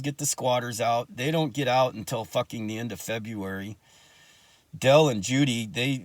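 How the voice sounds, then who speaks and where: A man's voice: medium pitch, no room sound. A man telling his own life story in casual talk, blunt and profane, with angry asides.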